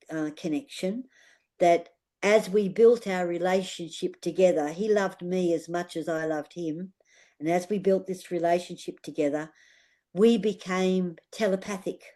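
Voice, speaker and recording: A woman's voice: on the low side, mellow. Older Australian woman telling a heartfelt story. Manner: earnest, heartfelt, repeats phrases, uses fillers. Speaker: guest, aura healer. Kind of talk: personal storytelling in an interview.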